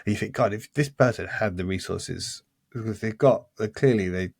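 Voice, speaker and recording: A man's voice: fairly low pitch, normal speed, gravelly, a little mellow, breathy edge, no room sound, clean studio sound. A man co-hosting a casual podcast, talking enthusiastically and rambling with restarts. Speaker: podcast co-host.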